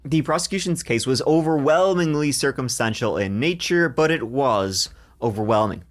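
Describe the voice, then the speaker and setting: Lively man narrating true crime. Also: medium pitch, normal speed, faint music behind. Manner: lively storytelling with jokes. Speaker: podcast host.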